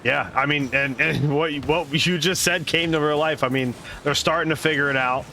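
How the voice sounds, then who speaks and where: A man casting a live esports match in a lively play-by-play, laughing often and going off on rambling asides. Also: fairly high pitch, moderate pace, a little hiss or hum. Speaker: esports co-caster.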